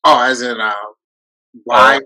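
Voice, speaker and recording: Earnest bright-voiced man teacher. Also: medium pitch, steady tone, takes it slowly, low-quality recording. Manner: earnest, thinks aloud with restarts. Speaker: podcast co-host, teacher. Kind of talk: casual conversation.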